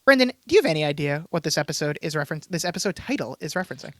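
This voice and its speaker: A man's voice: on the high side, lively intonation, racing, no room sound. A man co-hosting a casual podcast, chatty and often laughing as he tells a story. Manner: chatty, laughs often while telling stories. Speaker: podcast co-host.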